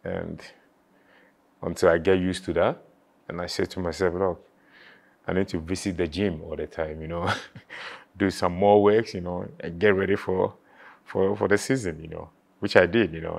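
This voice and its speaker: A man with a low, flat voice and vocal fry looks back on his football career in an emotional interview. He speaks haltingly, repeating words and saying "you know" often, and at times seems close to tears.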